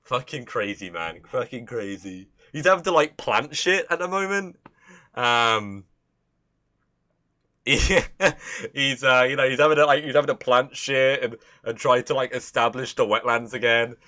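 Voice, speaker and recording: A young man with an English Midlands accent talks loosely to his stream audience, his voice bright and forward. He rambles, swears freely and trips over restarts as he chats. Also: medium pitch, a little slow. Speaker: livestream host. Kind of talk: casual livestream chat.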